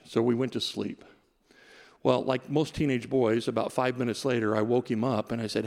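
A middle-aged man preaching a sermon to a congregation, telling stories about himself in a relaxed, self-deprecating way. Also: medium pitch, fairly quick, creaky. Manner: storytelling, self-deprecating and conversational. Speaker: pastor. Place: large church hall. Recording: reverberant church hall.

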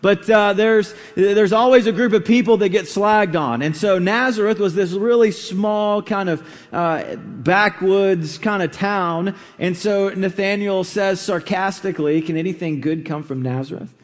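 Male preacher, high voice, relaxed conversational sermon delivery with ums and restarts, hall reverb. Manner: conversational, unhurried with fillers and restarts.

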